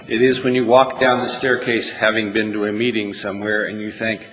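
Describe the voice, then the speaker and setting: A man's voice: fairly low pitch, fairly even intonation, brisk, few pauses, fairly bright tone. A man giving rebuttal as an attorney, composed and articulate with a lightly wry touch. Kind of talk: courtroom oral argument. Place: large courtroom. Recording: reverberant courtroom with faint noise.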